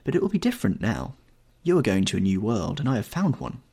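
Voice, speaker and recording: A man's voice: mid-range voice, sing-song, fast, mellow, breathy edge. A man reading an audiobook, voicing a lovestruck young actress in a raised, breathless, rapturous tone. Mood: coaxing.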